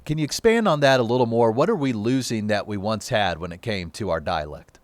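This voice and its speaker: A man's voice: lowish voice, lively intonation, fairly quick, no room sound. A man anchoring a TV news interview in a studio, chatty and jokey as he asks his questions. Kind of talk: broadcast interview.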